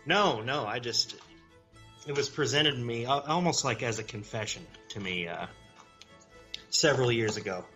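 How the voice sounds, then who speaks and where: Podcast guy, medium voice, bright and forceful, laid back and cracking crude jokes. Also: medium pitch, moderate pace, soft background music. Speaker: podcast co-host. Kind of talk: casual podcast chat.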